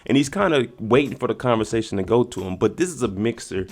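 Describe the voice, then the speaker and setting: A man giving a casual, slangy recap of a dating show, animated and acting out what the cast members said. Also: fast. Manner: animated, slangy, acts out quotes in higher pitch. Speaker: YouTube reaction host.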